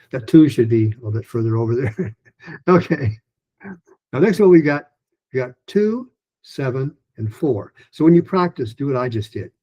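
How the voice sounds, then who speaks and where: Husky, mellow-voiced male teacher. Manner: chatty, with many restarts and fillers; breaks into lively, higher-pitched drills of practice sentences. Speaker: pronunciation teacher. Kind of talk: recorded lesson.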